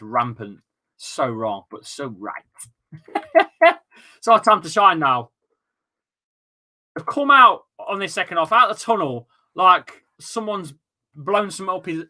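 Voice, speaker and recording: A man with an East Midlands accent hosting a live football watchalong at home, full of excitable, sweary, rambling banter. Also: high-pitched. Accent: East Midlands English. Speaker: host of a fan watchalong stream.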